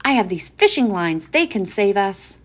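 A woman voicing an eager young boy leading a pretend adventure, bossy and excited. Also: medium pitch, normal speed. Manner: excited, bossy make-believe.

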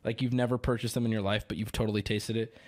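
A man's voice: on the low side, little pitch movement, quick pace, darkish tone. A man hosting a livestream, chatting casually to his audience in a profane, ranting, sarcastic way and drifting into rambling stories. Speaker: livestream host.

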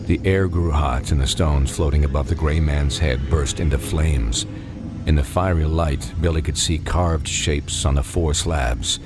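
A man narrating a dark audiobook in measured, dramatic storytelling. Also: extremely low pitch. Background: music.

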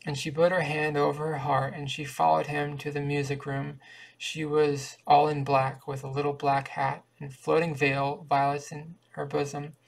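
A man reading a short story aloud at an even, measured pace. His voice is gravelly and stays very flat in pitch. He sometimes restarts a word. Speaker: audiobook reader.

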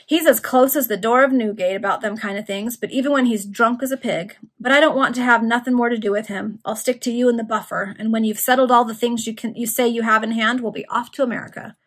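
A woman's voice: a little high, steady tone, fast, hardly any pauses, a bit bright. A woman voicing a male London thief from the 1840s in a storybook reading, in her own plain voice.

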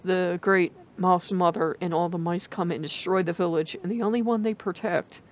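A woman with a rural American country accent, rambling and animated in a casual spiritual vlog, laughing often. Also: on the low side, moderate pace. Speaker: channel host. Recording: dull lo-fi recording.

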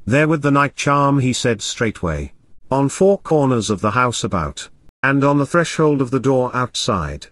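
Male audiobook narrator, measured storytelling, animated intonation, dry studio sound. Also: mid-range voice, dry recording.

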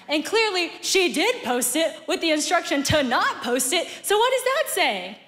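Lively bright-voiced young woman. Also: extremely high pitch, normal speed, few pauses, in a large hall. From Southern United States. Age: young adult. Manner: animated, acts out both sides of conversations. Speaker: guest speaker. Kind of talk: sermon storytelling. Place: large church auditorium.

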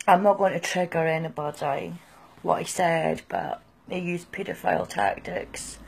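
British woman in her middle years, super gravelly and husky, talks halting and raw about her life. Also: fairly low pitch, very animated, a little mellow. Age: middle-aged. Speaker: person sharing her experience. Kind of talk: candid personal testimony.

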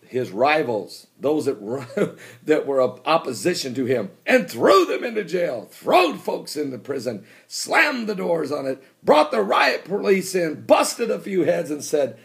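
A man hosting a prophecy commentary show, preaching with emphasis and bursting into shouts. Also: on the high side, big pitch swings, unhurried, creaky.

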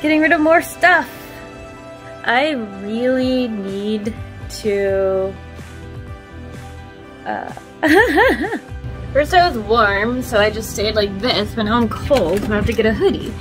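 A woman's voice: a little high, lively intonation, slow, long pauses, soft background music. A woman vlogging at home, chatting to the camera as she moves between rooms, laughing often and poking fun at herself. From Canada. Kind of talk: casual vlog chat to camera.

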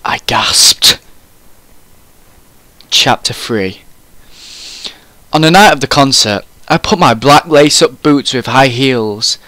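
A man's voice: medium pitch, lively intonation, a little slow, fairly bright tone, dry recording. Man giving a mock-serious comic reading. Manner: mock-serious, breaking into laughter. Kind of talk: comic dramatic reading of a fan story.

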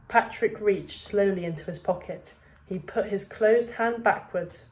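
A woman's voice: fairly low pitch, unhurried. Woman teacher reading a story. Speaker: primary school teacher. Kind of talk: reading a children's novel aloud.

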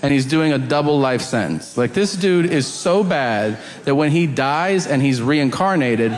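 A man retelling a comedic story in an animated way, slipping into voices of the people in it. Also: medium pitch, unhurried. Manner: animated retelling, voicing characters with laughter. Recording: clear background noise.

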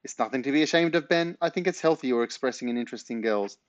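A man's voice: mid-range voice, quick pace, no room sound, dull audio, close to an everyday voice. A man reading aloud, voicing a chatty, prying mother in a raised voice. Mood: gushing. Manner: prying, gushing. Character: fussy chatty mother, middle-aged woman.

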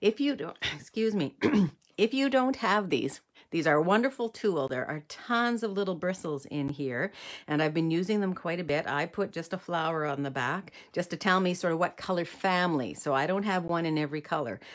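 A woman's voice: fairly low pitch, expressive, moderate pace. A middle-aged woman from Canada leading a live card-making demonstration, chatty and thinking aloud as she works, often correcting herself.

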